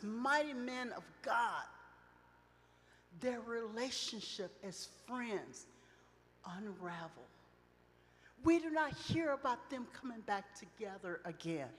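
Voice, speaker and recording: A middle-aged woman preaching at a women's retreat, telling personal stories with passion, swinging between loud outcries and soft reflective lines. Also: a little high. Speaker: retreat speaker. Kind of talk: emotional sermon with personal storytelling. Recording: long reverb of a large hall.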